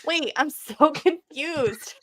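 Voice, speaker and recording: A woman's voice: high voice, slow, background noise. A woman co-hosting a casual livestream, chatty, laughing and swearing easily. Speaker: co-host of a livestream.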